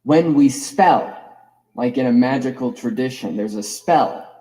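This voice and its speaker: Guy teaching a course, unhurried and mellow, kinda rambling thoughtful lecture vibe. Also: mid-range voice, animated, rough recording. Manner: musing, digressive, dwells on word roots. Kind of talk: reflective spoken lecture.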